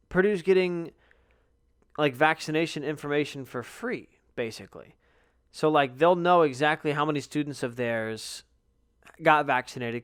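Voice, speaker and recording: A tired young man hosts his own podcast, rambling excitably and swearing nearly every line. His voice sits a bit high and comes across smooth and clean. The sound is dry, with no room around it. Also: no room sound. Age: young adult. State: tired, yawning. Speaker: podcast host. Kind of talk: casual solo podcast chat.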